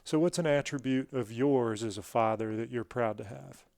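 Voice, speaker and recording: A man hosting a podcast, asking parenting questions in a relaxed, conversational way. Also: medium pitch, normal speed, gravelly, dry recording, clean studio sound. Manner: relaxed, conversational, says "dude". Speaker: podcast host. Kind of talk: casual interview chat.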